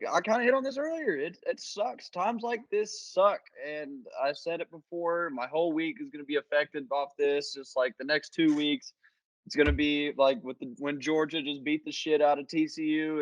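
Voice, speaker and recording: Young man, slightly raised pitch, reflective sports chat, dry sound. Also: fairly even intonation, normal speed, no echo, low-quality recording. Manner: wistful, reflective. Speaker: podcast co-host. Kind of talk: casual chat.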